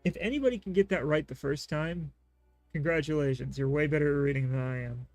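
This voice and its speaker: A man's voice: a little high, a little fast, a little mellow, no echo, faint music behind. A man streaming a game, chatting casually and joking at his own expense while he reads dialogue aloud. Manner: self-deprecating, swears casually.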